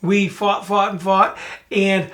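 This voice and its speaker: A man's voice: sits high, slow. A middle-aged man co-hosting a talk show, speaking earnestly in casual chat and acting out quoted lines. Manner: earnest, storytelling, animated quoting. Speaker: podcast co-host.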